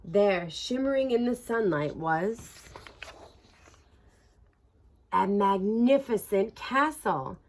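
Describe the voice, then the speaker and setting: Slow expressive woman reading aloud. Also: medium pitch. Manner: expressive, dramatic. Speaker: storyteller. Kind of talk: children's read-aloud narration.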